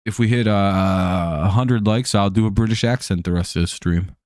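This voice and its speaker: An American man calls plays and rambles casually through a live stream, swearing and filling gaps with "like" and "um". His voice sits on the low side. The sound is dry and close, with almost no room echo. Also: moderate pace, a little mellow. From United States. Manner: rambling, profane, heavy on fillers. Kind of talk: casual chat over a live baseball game.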